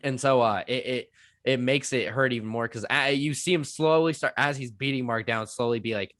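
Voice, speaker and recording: A man's voice: medium pitch, brisk, a bit bright. A young man co-hosting a casual show review, talking eagerly and rambling with lots of fillers. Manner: eager, rambling, heavy use of "like". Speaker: podcast co-host reviewing a TV show.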